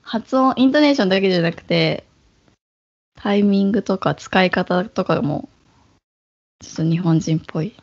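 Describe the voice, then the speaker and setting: A woman's voice: mid-range voice, fast talker, pauses often. A woman interviewing a guest in casual chat, playful and admiring, on a dull lo-fi recording. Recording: dull lo-fi audio.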